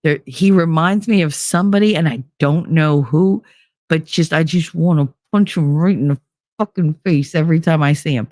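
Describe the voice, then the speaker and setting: A woman's voice: low voice, moderate pace, dry recording, clean studio sound. A woman hosting a podcast, talking casually and candidly in a monologue with plenty of swearing. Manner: candid, animated, swears freely. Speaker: podcast host.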